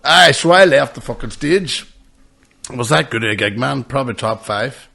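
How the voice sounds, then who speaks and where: Bright-voiced man, sweary chat. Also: mid-range voice, expressive, normal speed, gravelly. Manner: sweary, laughs often, storytelling. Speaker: comedian and podcast host. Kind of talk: casual chat.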